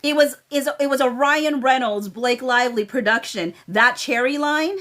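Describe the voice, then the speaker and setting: A woman's voice: high-pitched, normal speed, few pauses, a bit bright. A woman on a casual commentary livestream, reading documents aloud and breaking into laughing asides to her chat.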